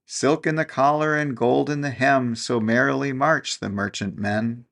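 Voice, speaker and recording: A man's voice: mid-range voice, steady tone, measured pace, vocal fry, fairly bright tone. A man doing chirpy little singing mice. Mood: merry. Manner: sing-song, chirpy. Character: merry chorus of little tailor mice.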